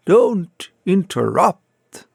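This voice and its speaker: A man voicing a nervous, curious male villager in an audiobook, speaking in hushed, excitable asides. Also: high voice, extremely slow, gravelly, no echo, clean studio sound, pitched above the performer's own voice, exaggerated voice.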